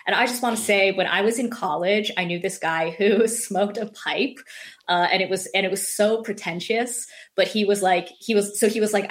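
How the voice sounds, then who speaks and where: A woman's voice: medium pitch, normal speed. A young woman hosting a podcast, chatting casually with many fillers. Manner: chatty, filler-heavy, laughs often. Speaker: podcast host. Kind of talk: casual conversation.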